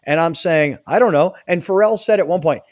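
A man's voice: a little high, fairly quick, a little mellow. A man hosting a casual talk show over a video call, telling stories animatedly and mimicking other people's voices. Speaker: host. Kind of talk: casual chat.

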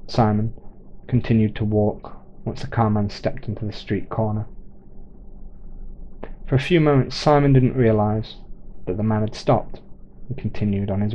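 A man reading a short story aloud in a measured, plain way, in a dull lo-fi recording. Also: fairly low pitch, dark tone. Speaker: narrator.

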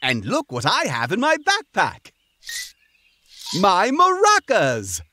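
A woman's voice: medium pitch, wildly swooping pitch, slow, pushed and bright, exaggerated voice. A woman voicing a cheerful male frog who leads a children's sing-along in a preschool video. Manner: cheerful, teacherly. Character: friendly male frog song leader. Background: music.

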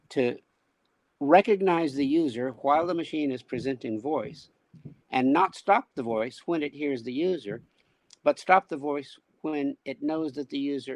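A man being interviewed as a speech technology expert, explaining ideas in a measured, thoughtful way. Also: mid-range voice, darkish tone, no room sound. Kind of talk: casual conversational interview.

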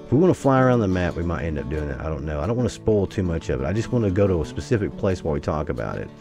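A man from the US giving casual, rambling gameplay commentary as a gaming YouTuber, swinging between excitement and grumbling. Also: low-pitched, very fast, over music.

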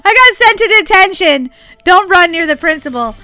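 A woman giving excited gameplay commentary as a channel host, squealing, laughing and crying out in bursts of panic. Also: very high-pitched, normal speed, no echo. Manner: squealing, laughing, breathless exclamations.

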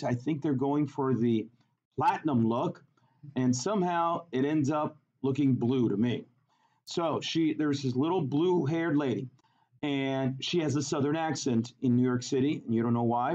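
A man's voice: medium pitch, normal speed. A man teaching a chemistry class, telling a playful story and quizzing students, in a dull lo-fi recording. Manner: animated, jokey, asks the class questions.

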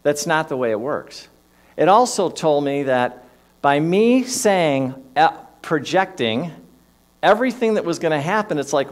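A man's voice: a little high, lively intonation, unhurried. A man giving a sermon in a church, telling a personal story in a conversational way with shifting emphasis. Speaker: minister. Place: church sanctuary.

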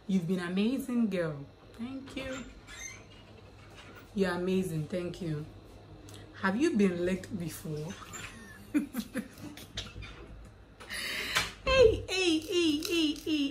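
A woman's voice: on the low side, a little mellow, a little hiss or hum, poor audio. A young woman, reading viewers' questions aloud and answering them in a chatty, playful way. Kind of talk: casual chat.

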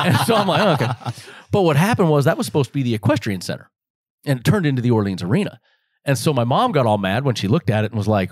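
A man's voice: medium pitch, fast talker, no echo. American guy in his 40s, jokey storyteller, acts out voices, dry close sound. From Las Vegas, United States. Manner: animated, joking storyteller who acts out his family's voices. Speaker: guest. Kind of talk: casual interview storytelling.

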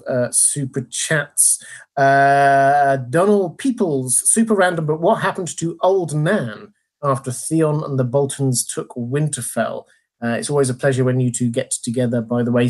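A man hosting a live stream Q&A, rambling with many fillers and a self-deprecating tone. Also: medium pitch. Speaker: host.

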